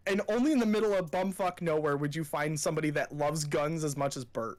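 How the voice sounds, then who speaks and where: A man's voice: on the high side, fast talker, hardly any pauses. A young man co-hosting a podcast, chatting casually and gushing with enthusiasm, swearing freely. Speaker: podcast co-host. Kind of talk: casual chat.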